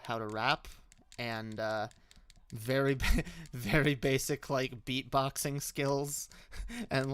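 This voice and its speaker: A man's voice: mid-range voice, a bit bright, a little hiss or hum. A young man hosting a live stream with call-ins, chatting casually with loose slang, swearing and many restarts.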